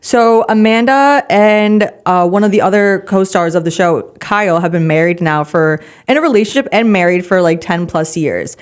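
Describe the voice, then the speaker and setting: A young woman co-hosting a casual chat podcast, speaking at an ordinary mid-range pitch. She states her opinions emphatically and explains things with easy confidence. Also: normal speed, few pauses, clear, resonant tone. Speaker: podcast co-host.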